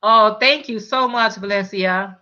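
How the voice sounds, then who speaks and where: A woman's voice: medium pitch, measured pace, sharp tone, lo-fi sound. A middle-aged woman hosting a casual live stream, chatting and reading viewer comments, often restarting and repeating words.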